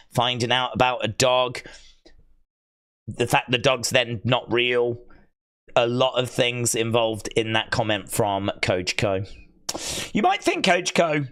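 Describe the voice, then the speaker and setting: A man hosts a live wrestling watch-along stream, chatting excitedly and reading out viewer comments. He's giddy and rambling, often breaking into high, squealing shouts.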